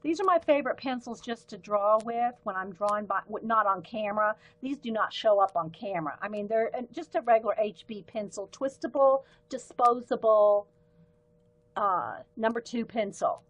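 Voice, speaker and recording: A woman's voice: medium pitch, normal speed, poor audio. A woman with a light Southern accent hosting a casual live art stream, chatting in a rambling way with frequent ums and self-corrections while she tries out pens at her desk. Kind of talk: casual livestream chat.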